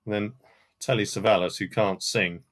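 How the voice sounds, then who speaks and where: A man's voice: fairly low pitch, fairly even intonation, moderate pace. A man hosting a live-streamed music quiz from home, reading out answers and scores with dry joking asides. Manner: chatty, with asides and dry jokes. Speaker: quiz host. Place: home room in front of a CD collection.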